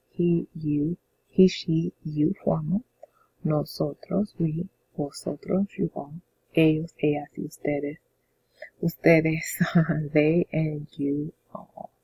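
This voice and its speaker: Gravelly-voiced Spanish teacher checking in constantly. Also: medium pitch, lo-fi sound. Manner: checks in often with "okay?"; patient, repetitive step-by-step explaining. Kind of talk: classroom-style lesson explanation.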